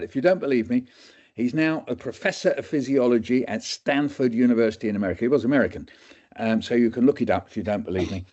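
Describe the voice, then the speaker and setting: A man in his seventies, a guest speaker on a recorded webinar, tells a humorous story in a chatty, self-deprecating way. His voice is lowish and darkish, and the audio is dull and lo-fi.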